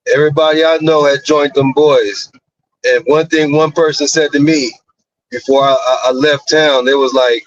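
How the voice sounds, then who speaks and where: A man calling in on his phone while driving, talking conversationally and repeating himself. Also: a little high. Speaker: caller. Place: in a moving car. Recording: dull phone line with road noise.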